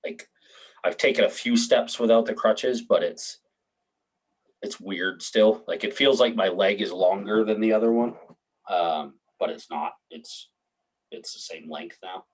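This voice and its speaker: This male podcast co-host, in his 30s and healing from hip surgery, keeps the chat loose with frequent laughter and swearing. His lowish, husky voice moves at a measured pace, captured on a rough recording.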